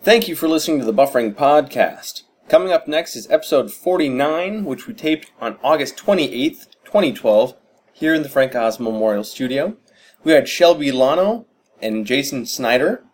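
Guy doing a quick upbeat podcast intro, plugs and all, mid pitch. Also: animated. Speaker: podcast host. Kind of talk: scripted show intro with plugs.

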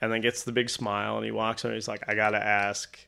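A man telling a story from an art convention to his co-hosts. He is animated and playful, slipping into other people's voices and laughing along. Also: on the low side, very fast, gravelly. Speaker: artist recounting a convention story. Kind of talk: casual podcast storytelling.

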